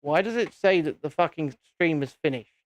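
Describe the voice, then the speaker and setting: A man's voice: on the high side, expressive, moderate pace, dry recording. A British man hosting a live stream, chatting casually to viewers in a self-deprecating, easily flustered way. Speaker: channel host.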